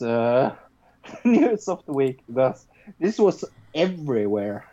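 A woman with a low, mellow voice co-hosts a casual news podcast. She talks loosely, with plenty of fillers. The recording sounds dull and lo-fi. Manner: casual, filler-heavy, swears offhandedly. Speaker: podcast co-host. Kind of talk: casual chat and reading news stories.

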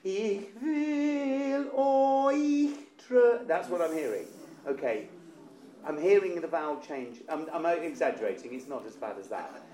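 Choir director in an echoey room. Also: male voice, fairly high pitch, expressive, moderate pace. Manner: encouraging, demonstrates vowels by singing. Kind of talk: choir rehearsal coaching. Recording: roomy echo with faint instrument.

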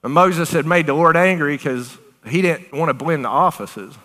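A woman preaching a charismatic sermon, animated and excited, often laughing between phrases. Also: sits low, normal speed. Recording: long hall reverb.

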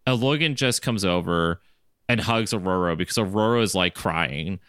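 A man's voice: low voice, moderate pace, fairly bright tone, clean tone, no echo, studio quality. A man co-hosting a podcast, chatting casually and with lots of swearing as he recaps a cartoon episode and quotes the characters. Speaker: podcast co-host.

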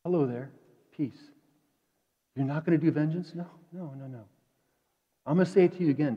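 A man preaching a sermon in a conversational way, dropping to quiet asides and rising to emphatic peaks. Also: a little high, fairly quick, pauses often, husky. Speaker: pastor. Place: church sanctuary. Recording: dull echoey church hall.

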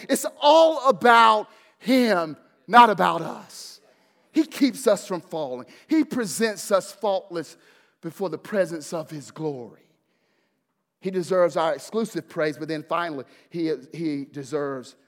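A man serving as pastor preaches a sermon, fervent at his peaks and hushed at his close, repeating words to build emphasis. His voice is a little high, and a long hall reverb surrounds it.

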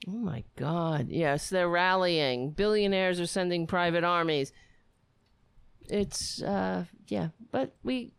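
A woman hosts her own podcast from home and talks at a slow, unhurried pace. Her tone is sarcastic and her talk wanders into asides. Her voice sits a little low, and the sound is dry and close. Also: gravelly, clear, resonant tone, no room sound. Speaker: podcast host. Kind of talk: casual political commentary.

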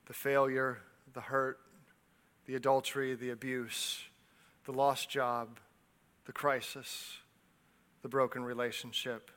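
A man preaching a sermon, retelling a story with lively voices for its people and dropping quiet for personal appeals. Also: mid-range voice, slow, pauses often. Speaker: pastor.

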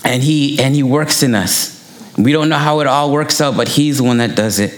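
A man's voice: medium pitch, normal speed. A man preaching a sermon, telling personal stories in a conversational way and quoting himself as he goes. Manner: conversational, anecdotal, quotes himself. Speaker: preacher and missionary. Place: church. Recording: echoey church room.

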